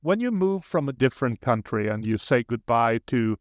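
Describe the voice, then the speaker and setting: A man's voice: medium pitch, expressive, normal speed, no echo, clean studio sound. A man from Sweden with a Swedish accent, a guest speaking in a humble, earnest way in a casual interview. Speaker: podcast guest.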